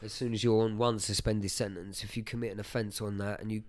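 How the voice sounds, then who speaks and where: A man's voice: fairly low pitch, little pitch movement, fast talker. A man, sharing his life story as a podcast guest in an earnest, emotional way, with many fillers and restarts. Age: 30s. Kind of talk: personal testimony, casual chat.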